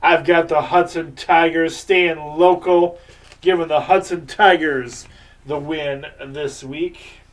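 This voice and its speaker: A man's voice: fairly high pitch, fairly even intonation, slow, far from the mic. A man hosting a local sports show, giving casual, rambling game picks and previews.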